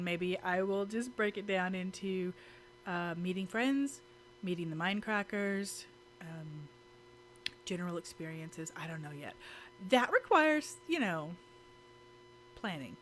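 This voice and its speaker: A woman's voice: medium pitch, unhurried, a bit bright, slight background noise. A woman with kids, vlogging casually to camera, chatty and giggly with lots of fillers and restarts. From United States. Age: adult with children. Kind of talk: casual talking-to-camera vlog. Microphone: camera mic.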